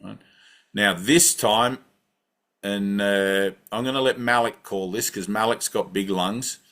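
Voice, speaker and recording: A spiritual teacher with a lowish, fairly bright voice speaks slowly, giving a conversational satsang talk and guiding a breathing practice. He keeps checking in with listeners by asking "right?"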